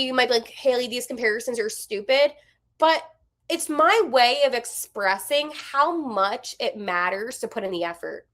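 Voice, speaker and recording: A woman in her twenties hosting a hockey podcast, giving candid, animated opinions with quick asides. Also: fairly high pitch. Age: 20s. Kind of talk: casual opinionated commentary.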